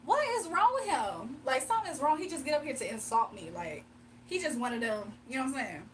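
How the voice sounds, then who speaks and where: Her high voice swings widely in pitch at a quick pace as she hosts a casual livestream, laughing a lot and talking directly to the chat. The recording sounds a bit distant from the mic, with a faint hum.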